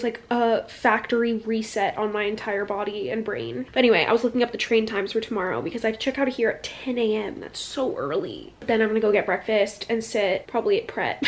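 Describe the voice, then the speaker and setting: A young woman talking casually into a handheld phone camera as a travel vlogger, full of "like" and quick laughs, first walking by the seaside and then indoors. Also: a little high. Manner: chatty, lots of "like", laughs often. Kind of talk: casual vlog chat. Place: out on a seaside walkway, then indoors at her rental.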